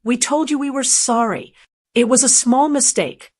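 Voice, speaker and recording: A woman's voice: sits high, moderate pace, darkish tone, voice pushed up. A woman voicing a furious grown son. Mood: indignant. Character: angry grown son, middle-aged man, hot-tempered.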